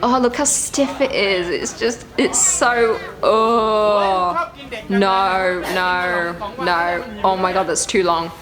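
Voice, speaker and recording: A woman's voice: mid-range voice, fairly even intonation, slow pace. Squeamish woman reacting over music. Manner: squeamish, groaning and exclaiming in disgust. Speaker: reaction video host. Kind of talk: casual reaction commentary.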